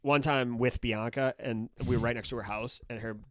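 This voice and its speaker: A comedian guest in casual podcast chat, telling stories in an animated way, acting out quotes and laughing as he goes. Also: mid-range voice, moderate pace, no room sound, studio quality. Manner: animated storyteller who acts out quotes, laughs mid-story.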